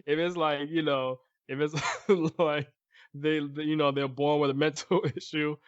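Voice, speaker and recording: A man's voice: on the high side, flat delivery, unhurried, smooth, dry recording, highs cut off. A man co-hosting a podcast in casual chat, telling stories and laughing often. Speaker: podcast co-host.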